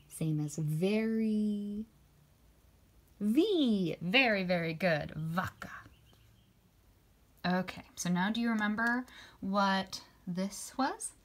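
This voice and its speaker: A woman teaching young children their letters, spelling words out slowly and praising each answer. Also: mid-range voice. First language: English. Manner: slow, encouraging, spells out letters and sounds.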